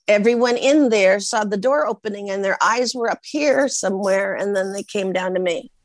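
An American actress over sixty, appearing as an interview guest, tells animated stories and acts out the voices of the people she quotes. Her mid-range voice moves at a moderate pace, with no room sound but low recording quality.

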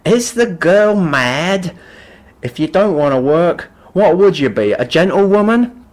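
A man doing a scornful woman guardian, pitched well up from his own voice and incredulous. She mocks a crying girl, as a storyteller would on an audio show. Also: expressive, a little slow.

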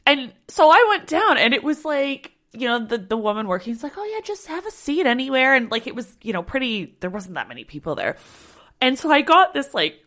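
A woman co-hosting a casual travel chat, telling a story with lively acted-out quotes. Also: fairly high pitch, brisk. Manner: animated storyteller, acts out quotes. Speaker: podcast co-host.

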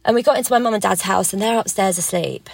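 A young woman with a gravelly, creaky voice, talking candidly as a podcast guest about her own experiences. She talks in loose, filler-filled sentences. The sound is dry and close. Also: medium pitch, fast talker, no echo. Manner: candid, recounting events with many fillers and quoted dialogue. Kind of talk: personal story in a podcast conversation.

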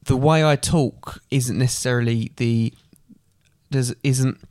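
A man's voice: mid-range voice, fairly even intonation, slow pace, a little mellow, no room sound, clean studio sound. A young man with an Essex estuary accent, co-hosting a podcast in a chatty, teasing way, often hesitating with ums. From England. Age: young adult. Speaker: podcast co-host. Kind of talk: casual chat.

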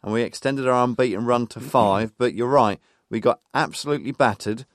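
A man's voice: mid-range voice, a little fast, dry recording. Man from England, host, stat-heavy delivery with dry humour, close dry mic. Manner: reels off match stats, dry jokes. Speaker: podcast host. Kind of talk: casual football chat.

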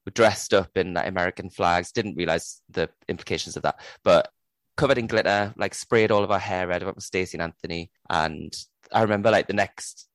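A man from Newcastle, England co-hosting a podcast, chatting casually and telling lively stories in which he acts out what people said in changed voices. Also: deep voice, dry recording. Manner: animated storyteller who acts out quotes in changed voices. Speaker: podcast co-host. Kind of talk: casual chat.

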